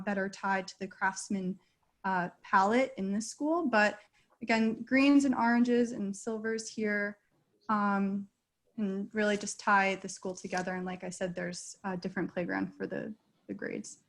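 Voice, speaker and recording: A woman's voice: mid-range voice, steady tone, a little slow, fairly bright tone. A woman presenting school design renderings to a town committee in an explanatory, filler-heavy way. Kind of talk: formal presentation. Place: meeting room.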